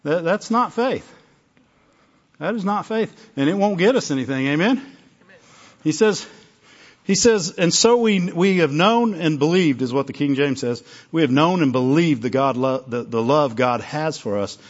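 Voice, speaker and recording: A man preaching to his congregation, chatty and plainspoken, breaking off mid-sentence and acting out little exchanges. His voice sits a little high for a man. The recording is dull and lo-fi. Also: moderate pace. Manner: conversational, self-interrupting, acts out little dialogues. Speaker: pastor. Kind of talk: sermon.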